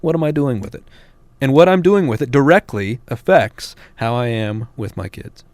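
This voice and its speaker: A man's voice: medium pitch, expressive, normal speed, a little mellow, dry recording. An American man, a parenting author, answering a radio interviewer in an earnest way that builds to emphatic peaks.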